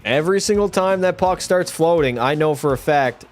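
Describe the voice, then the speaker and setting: A young man with a fairly high voice streams a hockey video game and talks straight to his chat. He swears freely, gets fired up over every play, and sounds a little tipsy. Faint game music plays underneath. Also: normal speed. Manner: profane, excitable, talks to chat. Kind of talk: live gameplay commentary.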